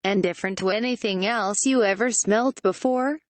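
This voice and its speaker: A text-to-speech female voice reading the lines of an uneasy, superstitious male backwoods guide in rural dialect, with a flat synthetic delivery. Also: medium pitch, normal speed, no room sound, close to an everyday voice.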